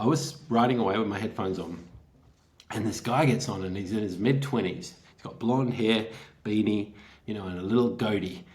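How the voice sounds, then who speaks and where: A man, a writer, telling an anecdote as a guest, laughing often and acting out the quotes. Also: on the low side. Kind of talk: anecdotal storytelling in an interview.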